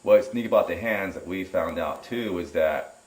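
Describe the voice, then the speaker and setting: A middle-aged man giving a rambling, animated personal account in an interview, often repeating his words. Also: low voice, normal speed. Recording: roomy and distant from the mic.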